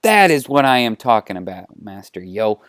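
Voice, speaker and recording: A man's voice: lowish voice, sing-song, normal speed, a bit bright, clean tone, dry recording, clean studio sound. A man voicing an eager young male hero who talks in casual slang. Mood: pushy.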